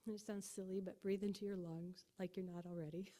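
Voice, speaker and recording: A woman guiding a meditation in a church, talking gently and sometimes dropping into a whisper. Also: medium pitch, fairly even intonation, a little fast. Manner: gentle, soft-spoken, often whispered. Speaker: meditation leader. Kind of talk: guided meditation. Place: church sanctuary.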